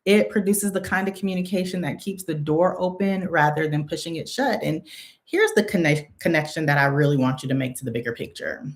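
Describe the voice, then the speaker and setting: A woman's voice: low-pitched, darkish tone. A woman hosting a live-streamed coaching show, speaking emphatically to viewers, repeating key phrases and calling them y'all.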